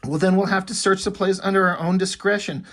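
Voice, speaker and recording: A man's voice: high voice, fairly even intonation, a little fast, a bit bright. A man reading the lines of a stern woman with a German accent, in a clipped, interrogating manner.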